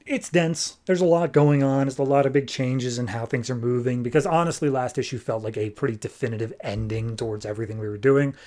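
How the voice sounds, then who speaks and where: A man hosting a podcast, giving a casual spoken review of a comic. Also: mid-range voice. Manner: animated retelling with quick voiced asides.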